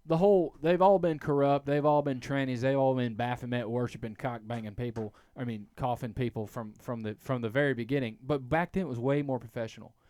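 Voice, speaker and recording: A man hosting a casual podcast chat who rambles, restarts his sentences often and jumps into sudden loud emphasis. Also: mid-range voice, fairly even intonation, fairly quick, hardly any pauses, clear, resonant tone, no room sound. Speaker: podcast host.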